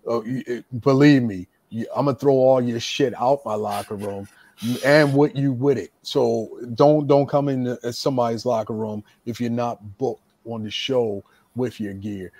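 This middle-aged podcast host and storyteller has a fairly low, slightly mellow voice, recorded without echo. He rambles through a long, casual story for friends, repeating words, stumbling over sentences, and laughing as he goes.

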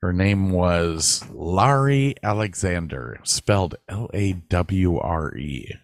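A man's voice: low-pitched, lively intonation, slow, vocal fry, no room sound, studio quality. A man co-hosting a podcast, telling rambling stories in casual chat and swearing freely, with a northern US accent. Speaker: podcast co-host. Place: Texas.

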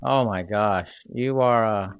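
A man's voice: lowish voice, clear, resonant tone, no echo, dull audio. A man from the United States hosting a podcast interview in a chatty, upbeat way. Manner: upbeat, chatty, with slow deliberate intro phrasing. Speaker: podcast host.

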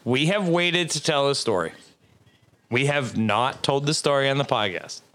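A man co-hosting a podcast in casual chat, animated and emphatic, throwing in jokey interjections. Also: mid-range voice, normal speed. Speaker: podcast co-host.

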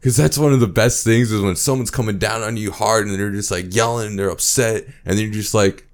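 A man's voice: lowish voice, fairly even intonation, a little fast. A man in casual conversation, laid-back and a little hesitant, laughing often. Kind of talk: casual chat.

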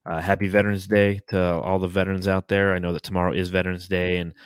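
A man's voice: deep voice, level tone, fast talker, clear, resonant tone, dry recording, clean studio sound. A man co-hosting a podcast, telling rambling, profane stories in casual chat over a remote call. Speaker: podcast co-host.

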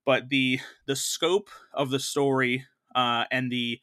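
A man's voice: mid-range voice, level tone, slow pace, bright, forceful tone, no room sound, clean studio sound. A man co-hosting a film podcast, reviewing movies in a rambling, earnest way with many fillers and restarts. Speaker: film editor, podcast co-host. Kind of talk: casual film review chat.

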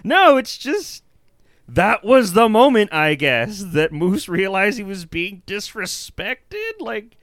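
A man co-hosting a casual movie review chat, talking in an animated way with lots of fillers, restarts and swearing. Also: sits high, takes it slowly, dry recording, studio quality. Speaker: podcast co-host.

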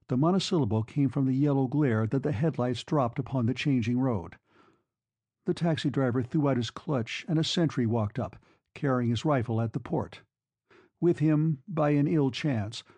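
An audiobook narrator gives a steady, measured scripted reading of a classic novel. His voice is mid-range, with no room sound.

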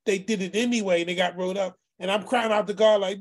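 A man on a video call telling an emotional story to friends, animated and acting out bits of dialogue. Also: high-pitched, fast talker, few pauses. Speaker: group call participant, former youth worker. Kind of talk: heartfelt storytelling among friends.

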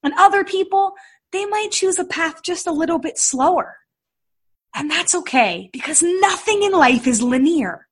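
A middle-aged woman, a podcast host and fitness coach, telling a personal story in an animated way and acting out the dialogue. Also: very high voice, moderate pace. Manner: animated, acts out quoted dialogue.

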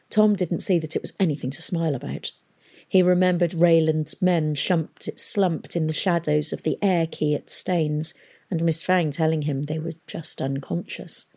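A woman reading an audiobook in measured, unhurried narration. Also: low-pitched, fairly even intonation, a little mellow, breathy edge. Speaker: audiobook reader.

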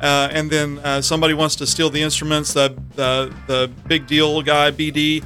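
Bright-voiced podcast guest recounting facts. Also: male voice, fairly high pitch, little pitch movement, normal speed, soft background music. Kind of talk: casual podcast chat.

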